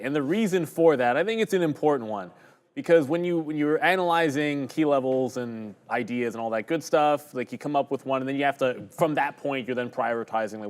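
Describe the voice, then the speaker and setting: A man talking through his trades on a live market stream, casual and thinking aloud, with fillers and restarts. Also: mid-range voice. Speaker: day trader co-host. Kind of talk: live trading commentary.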